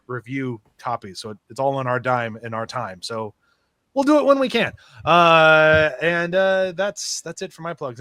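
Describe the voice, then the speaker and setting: A man's voice: fairly high pitch, sharp tone, no room sound. A man hosting a casual film podcast, chatty and loose, who laughs easily. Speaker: podcast host.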